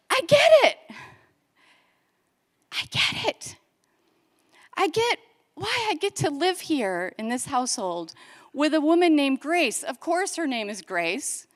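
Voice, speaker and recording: Woman speaker, fairly high voice, animated storyteller, hall reverb. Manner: animated storyteller, lively quoted voices, builds to exhortation. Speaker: conference speaker. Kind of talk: inspirational talk with storytelling.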